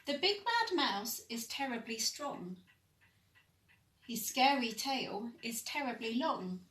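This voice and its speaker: Lady reading as a big monster dad, slow and solemn, bright voice in an echoey room. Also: fairly high pitch, big pitch swings, full character voice. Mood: warning. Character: big wary male monster father. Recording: echoey room, mic at a distance.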